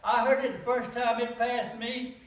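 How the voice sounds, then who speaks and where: Older man, high-pitched folksy comic, laughs at own jokes; echoey hall, distant mic. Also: little pitch movement, normal speed. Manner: folksy joke-telling, laughing at his own punchlines. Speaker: comedian. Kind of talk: comic monologue at a church gathering. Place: church hall.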